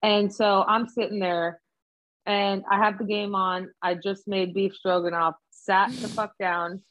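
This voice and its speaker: Casual female co-host, profane and animated, slightly dull dry sound. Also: mid-range voice, measured pace, no echo. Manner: swears a lot, animated storytelling. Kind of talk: casual chat.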